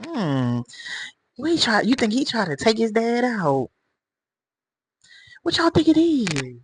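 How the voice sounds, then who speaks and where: A woman's voice: fairly high pitch, big pitch swings, slow, slight background noise. A woman hosting a reaction video, stopping the clip to throw questions at her viewers. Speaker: reaction host. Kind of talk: casual reaction commentary.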